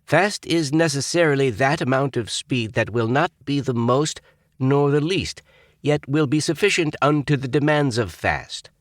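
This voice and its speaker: A man's voice: medium pitch, animated, moderate pace, no room sound, clean studio sound, pitched above the performer's own voice, natural voice. A man doing an earnest young recruit reciting by rote. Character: dutiful young male cadet candidate.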